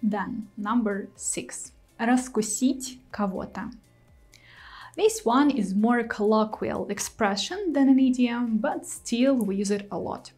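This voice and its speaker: Slow-speaking Russian-accented woman teacher. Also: fairly high pitch, lively intonation, darkish tone, soft background music. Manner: patient, explanatory. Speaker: language teacher. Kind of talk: video lesson explaining idioms.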